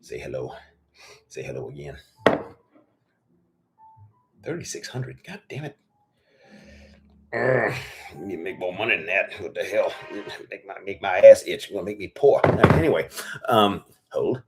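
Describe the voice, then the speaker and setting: A hoarse male farmer hosting a casual livestream Q&A, blunt and profane, rambling with lots of fillers. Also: fairly low pitch, animated, moderate pace, faint music behind. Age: adult with children. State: losing his voice, hoarse.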